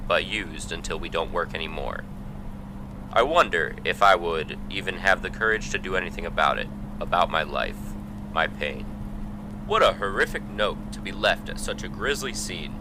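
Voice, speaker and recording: An actor playing a grave male radio news anchor, reading in a measured voice. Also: sits low, expressive, noisy background.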